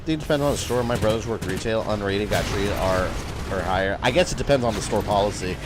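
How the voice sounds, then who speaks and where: A man's voice: on the low side, fast talker, background noise. A man streaming a video game, chatting casually with viewers and swearing at the enemies. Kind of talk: casual live-stream commentary. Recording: game music and gunfire behind.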